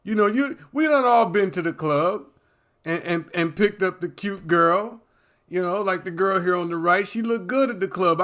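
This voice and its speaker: A man riffing in casual reaction commentary, his voice sitting a little high. He rambles, stumbles over restarts and keeps tacking "man" onto his phrases. Loud, lively bursts drop suddenly into low mutters. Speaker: commentary vlogger.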